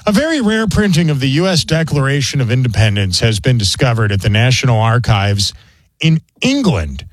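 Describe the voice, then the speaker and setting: A man's voice: mid-range voice, brisk, no room sound. A man hosting a radio show, telling jokey stories in casual banter. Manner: animated storyteller, jokey.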